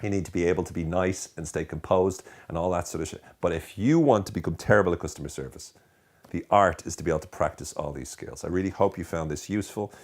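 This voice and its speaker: An Irish man in his thirties hosting a comedy monologue, talking in a bored, deadpan, sarcastic drawl. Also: sits low, fast talker. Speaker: host.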